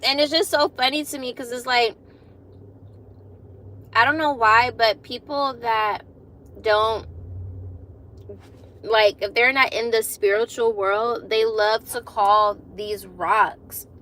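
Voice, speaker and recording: A woman's voice: a little high, steady tone, takes it slowly, long pauses, fairly bright tone. A woman in her twenties chatting casually with viewers on a phone live stream, laughing often and repeating herself. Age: 20s. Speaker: vlogger hosting a live stream.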